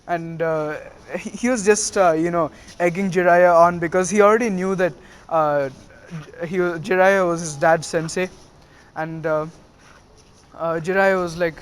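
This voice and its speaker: A man retells a fan story in a casual, rambling way. He fills the gaps with uh and restarts. His voice sits somewhat high for a man. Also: fairly even intonation, unhurried, clean tone.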